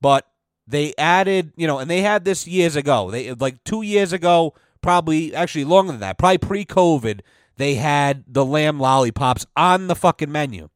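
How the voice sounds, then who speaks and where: A young man hosts a podcast, rambling through comic stories and swearing constantly. His voice sits a little high for a man. The sound is close and dry, with no room in it. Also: normal speed, no room sound. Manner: profane, rambling, animated storytelling. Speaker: podcast host. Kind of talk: casual comedic monologue.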